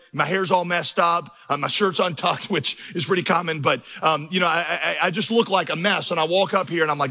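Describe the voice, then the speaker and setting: A man's voice: fairly high pitch, sharp tone. A man preaching a sermon as pastor, telling stories and building to impassioned emphasis. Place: large church auditorium. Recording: reverberant hall.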